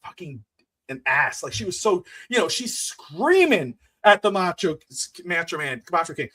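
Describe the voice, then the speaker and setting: A middle-aged man co-hosting a wrestling podcast, excitable and swearing, laughing often as he acts out the moments. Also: high-pitched, moderate pace. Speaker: podcast co-host. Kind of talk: casual wrestling podcast chat.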